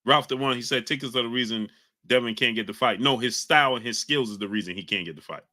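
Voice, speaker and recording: A fired-up man with a mid-range voice hosts a live chat, speaking fast. He reads the chat, combatively shouts out names and keeps the live-stream talk heated.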